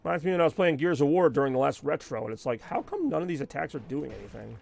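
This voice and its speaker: Animated gravelly-voiced gaming streamer man. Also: a little high, fast, faint music behind. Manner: rambling, venting, animated with frequent asides. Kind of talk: casual chat over live gameplay.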